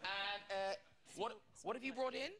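A man's voice: sits high, moderate pace. A man hosting a TV chat show, teasing guests with cheeky asides in front of a studio audience. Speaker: talk show host. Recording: loud studio audience laughter and noise.

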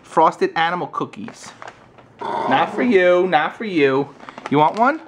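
An American man chatting casually with his toddler on camera, using playful baby talk and high, coaxing questions. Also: animated, takes it slowly, noisy background. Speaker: parent vlogger.

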